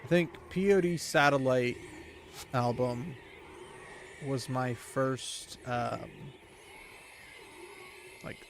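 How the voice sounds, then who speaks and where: A man's voice: medium pitch, extremely slow, pauses often, slight background noise. A man streaming a video game, chatting casually and rambling with plenty of fillers. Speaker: gaming streamer. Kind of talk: casual chat while playing a video game.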